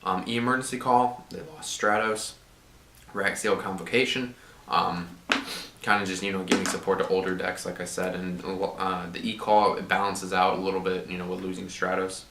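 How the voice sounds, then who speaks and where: A man hosting his own channel, giving casual card-game commentary in a monotone way while his throat is sore. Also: low-pitched, moderate pace, a little hiss or hum. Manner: monotone delivery. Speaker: YouTube channel host. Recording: roomy, echoey room.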